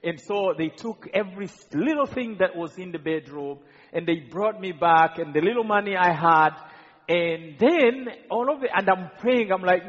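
A high, husky male voice from Rwanda preaches his testimony earnestly, tripping over repeated words. It is captured in a big church hall with a long, ringing reverb and a muffled, dull sound. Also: normal speed, fairly bright tone. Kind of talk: sermon testimony to a congregation.

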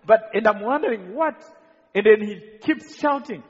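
A man's voice: high voice, expressive, normal speed, husky. A man from Rwanda giving an earnest testimony in a sermon to a congregation, often repeating words as he stumbles. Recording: dull, reverberant hall recording.

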